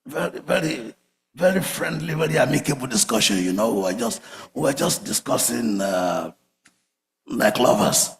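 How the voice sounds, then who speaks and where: A man preaching a sermon, telling stories with big swings from loud outbursts to quiet murmurs. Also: medium pitch, normal speed, creaky, slight background noise. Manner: animated storytelling, swings from shouts to murmurs. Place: church sanctuary. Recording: echoey church hall.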